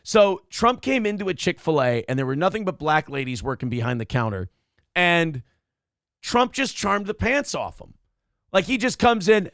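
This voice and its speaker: Gravelly crude-joking male show host. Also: sits high, sing-song, normal speed, fairly bright tone, no room sound, studio quality. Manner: crude, joking, rambling storyteller. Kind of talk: casual comedic chat.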